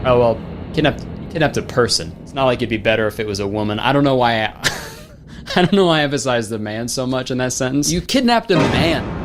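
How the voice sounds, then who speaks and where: A young man, a comedian, giving sarcastic, exasperated comedic movie commentary with plenty of swearing. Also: mid-range voice. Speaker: comedian, host.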